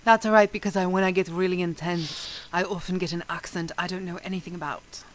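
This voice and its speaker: A woman's voice: fairly low pitch, steady tone, brisk, slight background noise, rough recording. A woman player in a tabletop game, making dry, teasing quips. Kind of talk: casual tabletop play.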